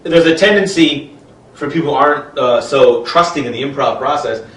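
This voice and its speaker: Expressive man teaching improv, roomy. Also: medium pitch, moderate pace, far from the mic. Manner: animated, speaks in expressive gibberish while performing. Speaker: improv trainer. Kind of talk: explaining an improv exercise.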